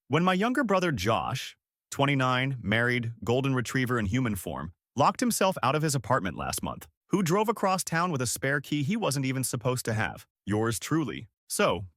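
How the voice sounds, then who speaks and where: A man's voice: mid-range voice, fairly bright tone, dry recording, studio quality. A man in his thirties narrating a first-person story from a script, in a wry, sarcastic way.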